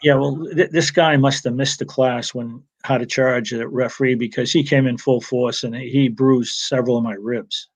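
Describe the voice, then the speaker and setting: A man who used to referee wrestling recounts career stories in a casual interview over a remote call, rambling, restarting and chuckling as he goes. His medium-pitched voice keeps a steady tone and moderate pace with hardly any pauses.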